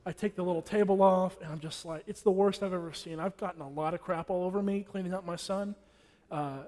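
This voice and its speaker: A man's voice: high-pitched, fairly even intonation, brisk, warm tone. A young man preaching a sermon in a church, blunt and repetitive, hammering his warnings home. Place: church hall. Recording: long hall reverb.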